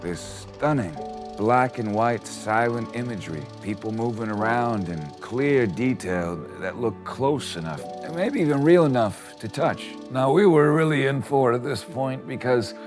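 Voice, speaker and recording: A man in an improv comedy sketch, playing a rambling old man who tells a tall tale and swings from low mutters to shrieking panic. Music can be heard behind him at a live show. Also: expressive, a little slow, lightly acted. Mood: reminiscing.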